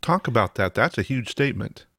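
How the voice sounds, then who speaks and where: A man's voice: medium pitch, lively intonation, brisk, fairly bright tone, dry recording, clean studio sound. A man interviewing a guest, mostly giving brief affirming responses.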